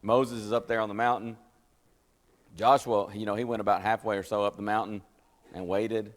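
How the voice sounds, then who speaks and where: A man leads a Bible class in a relaxed, folksy way, explaining the text and voicing the quoted lines. His voice sits low, and it carries the long reverb of a church room. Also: normal speed. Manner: folksy, explanatory, acts out scripture quotes with rising pitch. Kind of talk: conversational Bible study teaching.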